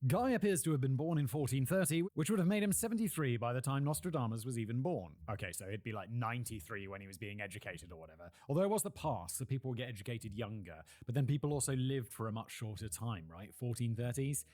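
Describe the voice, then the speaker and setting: A man's voice: medium pitch, animated, fast talker, few pauses, darkish tone, no echo. A British man hosting a casual history talk, rambling into playful, jokey asides. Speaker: host.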